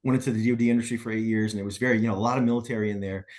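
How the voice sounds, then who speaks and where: A man's voice: lowish voice, fairly even intonation, racing, darkish tone. A middle-aged man, a guest business coach, telling stories in a podcast interview and checking in with "right?" after his points. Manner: storytelling, frequent "right?" tag questions.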